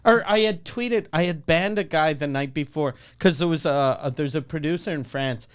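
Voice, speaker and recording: High-voiced quebec guy on a comedy podcast, swearing a lot, acting out his story. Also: normal speed, clean tone. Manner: profane, animated storyteller acting out quotes. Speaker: podcast host. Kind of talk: casual storytelling chat.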